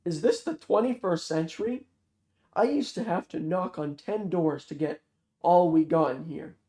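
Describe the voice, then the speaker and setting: A man's voice: a little high, moderate pace, dark tone, close to an everyday voice. A man voicing a blunt, teasing seventy-year-old security guard and former patrol cop with a Philadelphia accent, in a read-aloud novel. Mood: gruff teasing. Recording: roomy echo.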